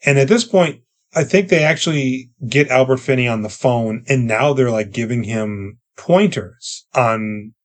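A man's voice: mid-range voice, unhurried. Profane man recapping a movie. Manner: profane, acts out characters while recapping. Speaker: podcast co-host. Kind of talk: casual movie recap chat.

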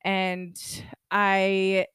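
A woman's voice: medium pitch, completely flat delivery, extremely slow, a bit bright, clear, resonant tone, no echo. Frank young woman podcaster, dry sound. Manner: frank, reactive, swears casually. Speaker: podcast co-host. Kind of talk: casual chat.

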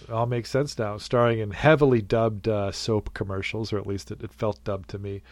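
A man hosting a podcast in casual chat, animated and jokey, often laughing. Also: fairly low pitch, moderate pace, dry recording. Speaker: podcast host.

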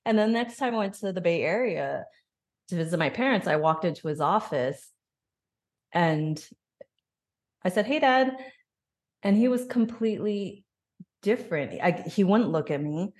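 Her voice sits low and sounds somewhat dark. As a guest on a podcast, this woman in her thirties opens up in an interview, reflecting on a personal story with emotional candor.

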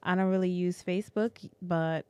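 A woman's voice: fairly low pitch, fairly even intonation, moderate pace, darkish tone, smooth, no echo. Playful laughing woman podcast co-host. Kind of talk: casual live-stream chat.

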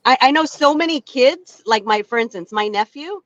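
A woman co-hosting a casual online talk show from her car, speaking emphatically and excitably. She is heard through her phone without headphones, so the sound is dry and dull. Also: high voice, moderate pace, no room sound. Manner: emphatic, excitable, talks over others. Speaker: co-host.

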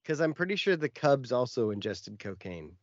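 A man's voice: mid-range voice, sing-song, normal speed, no room sound, lo-fi sound. A man co-hosting a podcast, telling a long story in casual chat with lots of fillers. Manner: rambling storytelling with many fillers. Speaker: podcast co-host.

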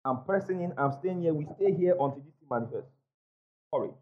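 A man's voice: on the high side, expressive, fairly quick, narrow, tinny audio. A man preaching a sermon to a congregation, emphatic, repeating key lines and calling for responses. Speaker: pastor. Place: church hall before a congregation.

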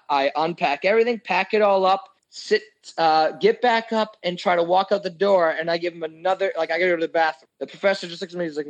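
A man's voice: high-pitched, rough recording. A young man in casual podcast chat, telling a long story with swearing and jokes, acting out his friends' lines. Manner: profane, joking, acts out quoted friends.

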